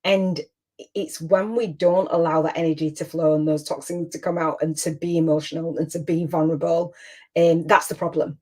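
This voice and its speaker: A woman's voice: low voice, little pitch movement, fairly quick, warm tone, breathy edge. Chatty, emotional woman coaching online. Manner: chatty, emotional, rambling with frequent restarts. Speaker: business coach and host. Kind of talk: casual online coaching session.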